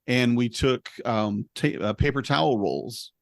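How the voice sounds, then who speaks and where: A man in his forties, an American podcast host and father, telling a lively family story and acting out his son's lines, with frequent laughs. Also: mid-range voice, a little slow, no echo. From United States. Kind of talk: casual chat.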